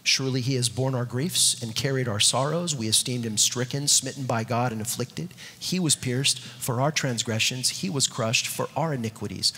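A man preaching a sermon, emphatic and repetitive, dropping to soft low tones when reading scripture. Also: moderate pace. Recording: long hall reverb, husky.

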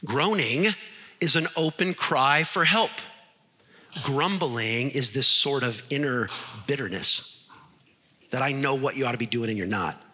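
A man preaching a sermon, animated and acting out the voices in his stories. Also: mid-range voice, a little slow, long pauses, slightly rough, big-room sound. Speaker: pastor.

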